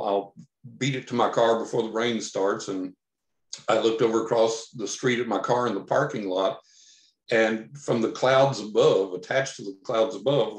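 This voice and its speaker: A man from Texas telling a long personal story as a podcast guest, animated, acting out the lines he quotes. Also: on the low side. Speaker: podcast guest, psychic investigator. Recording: roomy echo.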